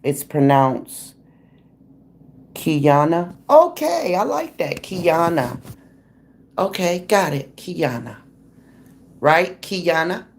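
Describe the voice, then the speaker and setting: A woman's voice: fairly low pitch, sing-song, slow. A woman hosting a true crime livestream in a casual, blunt, slangy way, calling out critics and greeting viewers in the chat by name.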